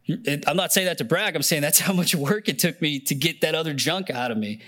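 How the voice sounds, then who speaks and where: A man's voice: a little high, brisk, a bit bright. A young man preaching a sermon in an earnest, conversational way, often emotional and near tears, with many fillers and restarts. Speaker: pastor.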